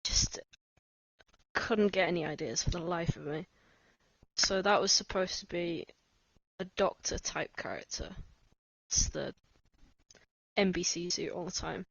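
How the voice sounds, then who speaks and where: A woman guest in a casual podcast chat, soft-spoken and self-deprecating, laughing often. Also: lowish voice, a little slow, gravelly, long pauses, no room sound. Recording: dry, dull lo-fi voice chat.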